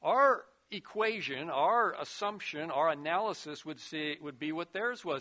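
Bright slow-preaching man. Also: a little high, lively intonation. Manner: earnest preaching, swings between loud emphasis and hushed quiet. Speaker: pastor. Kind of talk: sermon.

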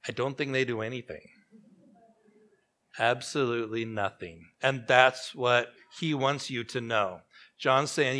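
Animated male preacher, hushed drops. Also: mid-range voice, unhurried. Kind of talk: sermon.

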